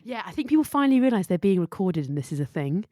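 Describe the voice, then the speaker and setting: A woman's voice: mid-range voice, sing-song, fast, mellow, dry recording, studio quality. A woman co-hosting a podcast in casual chat, teasing and affectionate, laughing often. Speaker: podcast co-host and editor.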